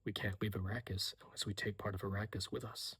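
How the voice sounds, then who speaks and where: A man voicing a tormented, coldly intense young man as whispered role-play, hushed and tense. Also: lowish voice, steady tone, unhurried, husky. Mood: ominous.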